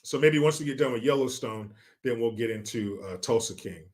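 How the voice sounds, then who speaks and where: A man's voice: mid-range voice, brisk. A man from the United States chatting casually as a live streamer, rambling and joking, swearing freely. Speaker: live streamer reading donations. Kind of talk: casual chat.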